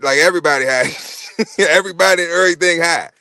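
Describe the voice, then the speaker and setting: A man, hosting a podcast in a casual, profane rant. He is animated, repeats himself and stumbles over words. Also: fairly high pitch, quick pace, no echo, studio quality. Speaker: podcast host. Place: podcast studio.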